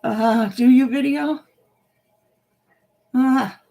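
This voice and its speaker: An older woman hosts a casual livestream from home, chatting playfully into a laptop microphone and greeting viewers by name. Her high voice has a dark tone and vocal fry, and she speaks steadily and extremely slowly.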